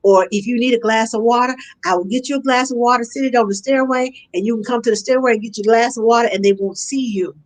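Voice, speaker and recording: A woman talking as a nanny in a casual conversation, animated and acting out the parents and children she describes. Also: fairly high pitch. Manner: animated, acts out parents and kids in quick asides. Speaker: nanny guest.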